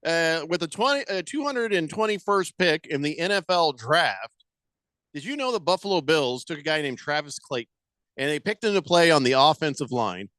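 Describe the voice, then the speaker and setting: Animated joking man on sports radio. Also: fairly high pitch, moderate pace, no room sound. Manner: joking, animated, playful exaggeration. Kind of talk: casual sports talk.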